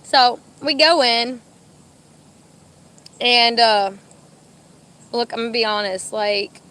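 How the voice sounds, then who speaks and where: Speaking slowly in a high, pushed, bright voice with a clear, resonant tone, a young pregnant woman talks to her live stream. She's a vlogger with service dogs at an outdoor dog park, issuing commands to them and slightly winded from the heat.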